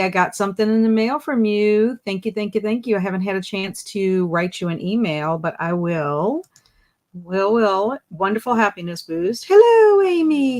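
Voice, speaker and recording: An adult woman with a twang hosts a live reading stream. She reads out chat names and greets each one with a high, sing-song hello before chatting easily about books and plans. Her pitch sits in a middle range. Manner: greets chatters by name with bright rising hellos. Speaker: livestream host. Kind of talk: casual livestream chat.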